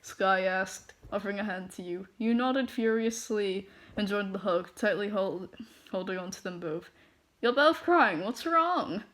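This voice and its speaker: A woman reading fanfiction aloud from her own recording, her voice at a middle pitch. She stumbles over words, restarts lines and breaks off into flustered, laughing asides. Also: fairly even intonation, moderate pace. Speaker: fanfiction reader.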